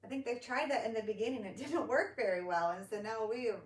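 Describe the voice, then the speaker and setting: Echoey animated woman storyteller. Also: a little high, fast talker. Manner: animated storyteller acting out quoted voices. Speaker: ministry executive director, guest. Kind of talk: casual storytelling interview. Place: church studio or room. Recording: echoey room, distant mic, faint hiss.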